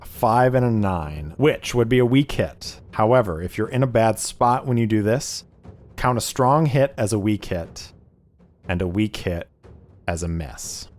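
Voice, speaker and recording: A man narrating a solo tabletop game as game master and reading rules aloud in a measured way. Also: lowish voice, animated, a little mellow, soft background music.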